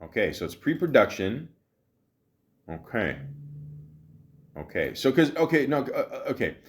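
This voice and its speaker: There's slight background noise as a medium-pitched man with big pitch swings talks at a measured pace. He hosts a podcast alone, casually rambling and joking about a movie with lots of swearing, fillers and restarts; his heritage is half Italian, half Greek.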